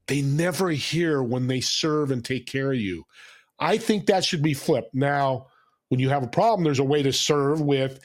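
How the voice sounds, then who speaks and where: Male guest, mid pitch, animated storyteller who acts out the characters. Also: normal speed. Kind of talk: conversational interview.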